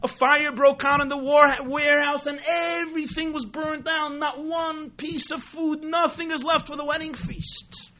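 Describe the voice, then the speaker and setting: A man's voice: very high voice, level tone, unhurried, hardly any pauses, sharp tone, voice pushed up, full character voice. A man voicing a panicked male estate manager who wails in frantic lament. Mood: frantic wailing. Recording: dull lo-fi recording.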